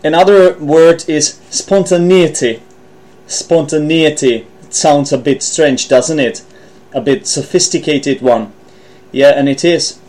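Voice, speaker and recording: A man's voice: a little high, slow pace, darkish tone. A man hosting an English-learning podcast, explaining vocabulary in a loose, thinking-aloud way, with frequent ums and restarts while partly reading from notes. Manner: hesitant, thinking aloud with many ums and self-corrections. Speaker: English teacher and podcast host.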